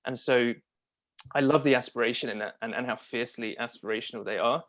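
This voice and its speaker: A man's voice: mid-range voice, fast, fairly bright tone. A man being interviewed as a copywriter and marketing strategist, talking casually and enthusiastically with frequent fillers and restarts.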